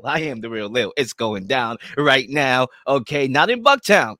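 A man's voice: medium pitch, animated, measured pace, few pauses, bright, forceful tone, no room sound, clean studio sound. A man hosting a sports talk show, hyping up segments like a showman. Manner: hype, showman-like.

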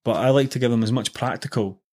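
Male guest, young, loose chatty storyteller, mid pitch. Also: quick pace, darkish tone. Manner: chatty storyteller with many fillers and restarts. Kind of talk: casual podcast chat.

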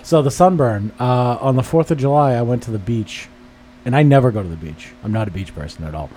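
A man's voice: mid-range voice, animated, fairly quick, mellow, a little hiss or hum. A man hosting a podcast, teasing, profane and chatty in casual banter. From Boston area. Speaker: podcast host.

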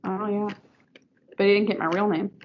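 A woman's voice: medium pitch, steady tone, normal speed, highs cut off, slight background noise. A woman co-hosting a podcast in casual chat, talking freely and laughing often. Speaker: podcast co-host.

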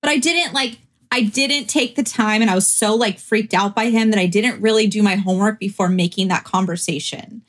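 A woman's voice: medium pitch, brisk, few pauses. Chatty woman podcast co-host. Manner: chatty, animated storytelling with many fillers. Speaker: real estate agent. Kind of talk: casual chat.

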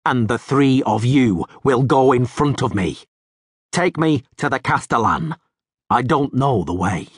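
A man voicing a calm, terse stranger with a resounding, metallic voice. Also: medium pitch, measured pace, breathy edge, no echo, studio quality, voice pushed up. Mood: calm, cold.

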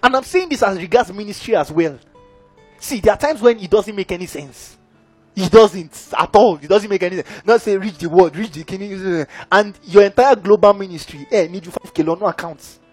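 A man with a high, husky voice preaches a sermon. He keeps asking his audience if they are with him, and soft music plays faintly behind him. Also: normal speed.

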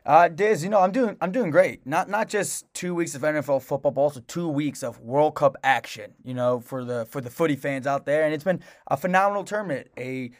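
A man's voice: on the high side, a little fast, few pauses, dry recording, studio quality. A young man co-hosting a casual podcast, telling a long story in a rambling way with lots of restarts. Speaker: podcast co-host. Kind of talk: casual chat.

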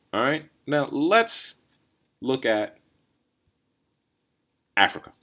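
A man hosting a solo podcast, riffing in a rambling, think-out-loud way with lots of restarts and "right?" tags. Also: medium pitch. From New Jersey or New York area, USA. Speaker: podcast host. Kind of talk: casual solo commentary.

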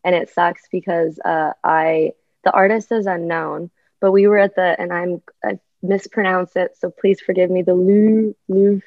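A woman's voice: on the low side, fairly even intonation, normal speed, no room sound, phone-quality sound. A young adult woman artist talking in a casual interview, chatty and full of ums and likes. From United States. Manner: chatty, many ums and likes, laughs often. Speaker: artist guest.

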